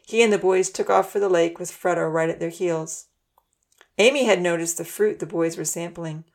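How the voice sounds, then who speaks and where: A woman narrating a children's story in a gentle, even storytelling manner. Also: fairly low pitch, moderate pace, creaky.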